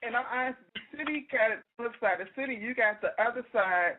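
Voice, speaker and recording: A woman co-hosting a casual radio chat, excitable and blunt. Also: fairly high pitch, a little fast, a little hiss or hum. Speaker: co-host. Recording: tinny phone line.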